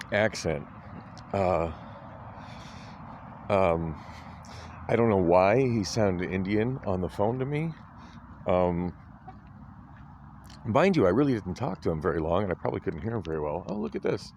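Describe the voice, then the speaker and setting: A man's voice: deep voice, a little hiss or hum. A tired, groggy middle-aged man rambling through a casual vlog, hesitant and full of ums and restarts. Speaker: vlogger.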